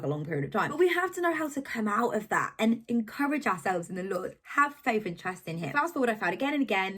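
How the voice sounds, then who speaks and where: Lively young woman from England. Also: mid-range voice, husky. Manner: animated, emphatic, preacher-like storytelling. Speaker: vlogger sharing a faith testimony. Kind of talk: casual testimony vlog.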